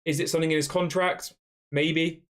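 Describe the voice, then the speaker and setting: A young man hosts a football live stream in a relaxed, conversational way, reading fan chat questions aloud and answering with many fillers and restarts. His voice is fairly high and a bit bright, with a steady tone and normal speed.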